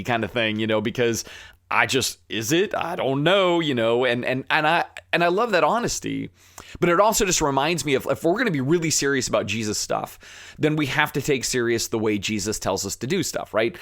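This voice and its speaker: A man's voice: mid-range voice, a little fast, dry recording. Earnest man, dry close sound. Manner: earnest, conversational, with frequent restarts and fillers; rising to animated emphasis when fired up. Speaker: podcast host. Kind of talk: impassioned podcast monologue.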